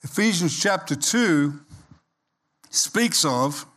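Animated preaching pastor, man. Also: fairly high pitch, takes it slowly. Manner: animated, acts out quotes, emphatic. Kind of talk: sermon.

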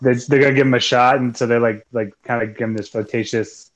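A man's voice: mid-range voice, fairly even intonation, fast, muffled recording. Man, podcast co-host, casual film chat, laughs a lot, rambling. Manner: laughs often, loose rambling.

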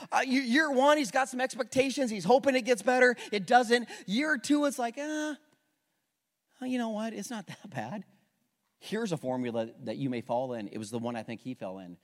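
A middle-aged male pastor preaching an animated, conversational sermon full of rhetorical questions, in a church with long reverb. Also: a little high. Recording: long reverb of a large hall.

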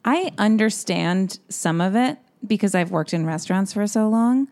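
A woman co-hosting a podcast in a podcast studio, chatty and jokey, quick to riff. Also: mid-range voice, expressive, darkish tone. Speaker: podcast co-host. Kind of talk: casual chat.

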